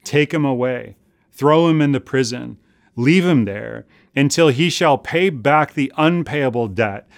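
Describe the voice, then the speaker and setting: Grave company boss, as a preacher voices him. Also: male voice, medium pitch, unhurried, vocal fry, no room sound, clean studio sound. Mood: commanding. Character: stern, disappointed male company boss passing judgment.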